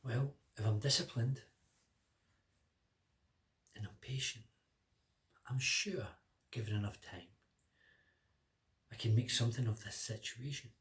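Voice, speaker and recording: A man's voice: mid-range voice, a little slow, long pauses, fairly bright tone, lightly acted. Grandfather voicing a patient little fat man. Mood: earnest.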